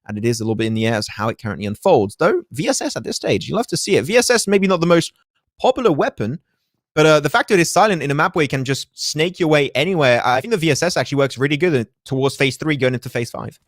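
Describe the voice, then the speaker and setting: A man casting a live esports match, with rapid, energetic play-by-play and joking asides. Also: fairly high pitch, no room sound, studio quality. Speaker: esports caster.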